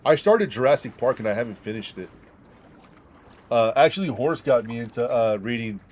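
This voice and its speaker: A man's voice: mid-range voice, animated, normal speed, darkish tone, slight background noise. A young man streaming a game, telling a rambling, profane story and saying "dude" and "like" a lot. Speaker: gaming streamer. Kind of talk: casual storytelling while gaming.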